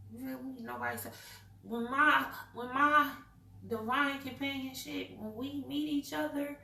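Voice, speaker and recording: A woman's voice: sits high, creaky, bright, forceful tone, slight background noise. A young woman doing a casual spiritual card reading, candid, profane and goofy, laughing often. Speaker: intuitive card reader. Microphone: microphone. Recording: roomy, distant mic, faint music.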